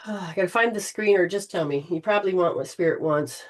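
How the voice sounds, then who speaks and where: A woman leading an informal spiritual healing session, gently coaching and often restarting her sentences. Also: lowish voice, a little fast. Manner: rambling, with frequent restarts and throat clearing.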